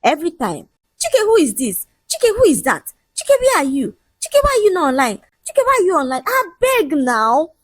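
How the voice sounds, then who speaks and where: A scornful young man who brushes off his fiancée and lectures her in a quick, mocking rush, voiced by a woman. The voice sits high and husky. It is recorded close and dry. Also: wildly swooping pitch, no room sound, heavily acted. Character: arrogant cheating young man, dismissive and shameless.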